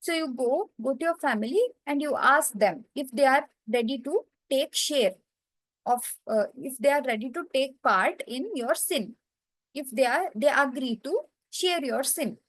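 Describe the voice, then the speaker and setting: A woman voicing a calm male sage who gently scolds a robber. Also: sits high, measured pace, no room sound, low-quality recording. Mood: admonishing. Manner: gentle, admonishing.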